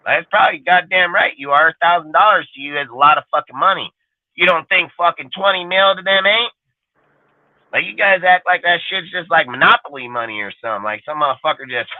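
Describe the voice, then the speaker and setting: Here a podcast co-host with a slightly high voice talks a little fast, ranting in a blunt, profane, casual way. He keeps repeating "dude" and "like." The sound is tinny like a phone line, dry and without room echo.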